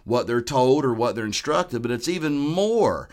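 A man's voice: medium pitch, expressive, moderate pace. A man, a pastor speaking earnestly and quoting scripture in conversation. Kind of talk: conversational preaching.

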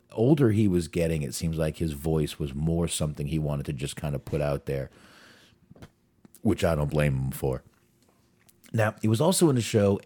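Very deep husky-voiced man rambling casually. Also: darkish tone. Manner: rambling, stumbles over words and restarts. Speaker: podcast host. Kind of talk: casual career rundown.

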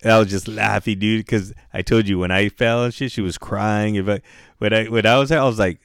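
A man's voice: on the low side, steady tone, fairly quick, smooth, dry recording, studio quality. A man telling a story in a laid-back, rambling podcast chat, swearing freely. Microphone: headphones and studio mic.

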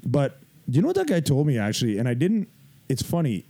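A man's voice: mid-range voice, fairly quick, vocal fry. A man casually telling a gym story on a podcast, swearing freely, laughing and acting out what people said. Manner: profane, laughing, animated retelling with quoted voices.

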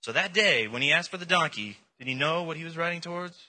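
A man preaching a casual, irreverent sermon, telling the story in plain, loose words. His voice is very bright and tense, with a husky grain. His pitch jumps around in a lively way. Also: fast talker.

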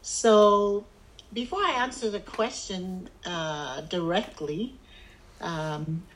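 An older grandmother speaks over a remote call at a slow, unhurried pace. She chooses her words carefully and lays out her reasons step by step. A faint hiss sits under her voice. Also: lowish voice. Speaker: grandmother interviewed about homeschooling. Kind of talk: casual interview over a call.

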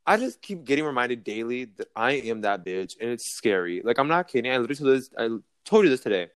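A teenage boy co-hosting a casual podcast, his pitch leaping all over as he tells stories. He talks dramatically, jumping into high squealing impressions of other people. The mic sound is dry and close. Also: very animated, fast talker, clean tone, dry recording. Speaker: podcast co-host. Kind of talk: casual chat.

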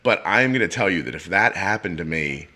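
A middle-aged man with a bright, forceful voice that sits on the low side, telling a long story in an easy conversational way. He slips into the voices of the people he quotes, so his storytelling stays lively. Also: fairly quick. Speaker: podcast host. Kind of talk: casual storytelling chat.

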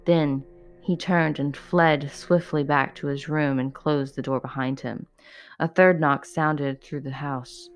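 A woman reading a horror story aloud in a steady, measured way, then chatting to her listeners. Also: low voice.

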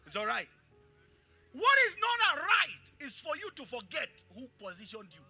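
Very high, bright-voiced preaching man. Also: huge pitch swings, moderate pace, gravelly, soft background music. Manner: loud call-and-response preaching, swinging from shouts to quiet asides. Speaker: pastor. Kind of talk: live sermon to a congregation. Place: church in front of a congregation.

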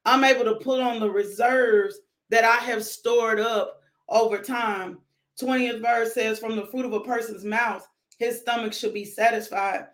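A woman's voice: on the high side, steady tone, unhurried. A woman minister giving a devotional sermon, emphatic and repeating her phrases in casual speech.

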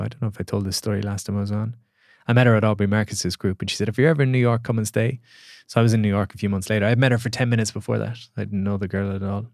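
Recorded in studio quality with no room sound, this coach appearing as a podcast guest speaks in a lowish voice with vocal fry. He talks casually and tells his stories with animation, performing the quoted voices himself.

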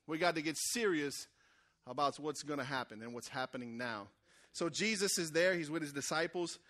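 A man's voice: a little high, moderate pace, pushed and bright. A man preaching a sermon in a conversational, call-and-response way, acting out the people he talks about.

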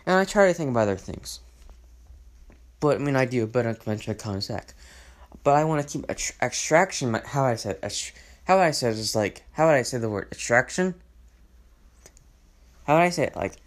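A man's voice: medium pitch, animated, moderate pace, pauses often. Man, solo podcast host, rambling, hesitant, emotional venting, lots of fillers.

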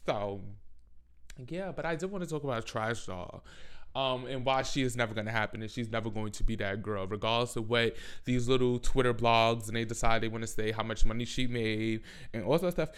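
A man talking fast and loose in a casual rant, sassy and profane. He swings into high, animated asides. His voice comes through smooth and clear, at a middle pitch.

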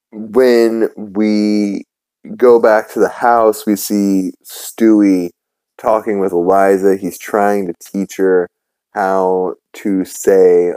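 A man's voice: low voice, mellow, smooth, dry recording. A man hosting a podcast, casually recapping a cartoon episode with lots of ums and uhs. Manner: rambling, many fillers. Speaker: podcast host.

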